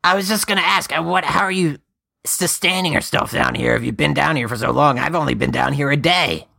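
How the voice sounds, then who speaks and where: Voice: mid-range voice, brisk, vocal fry, sharp tone, no echo, studio quality. A player in a casual tabletop game who curses and restarts sentences. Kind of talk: tabletop role-play, casual.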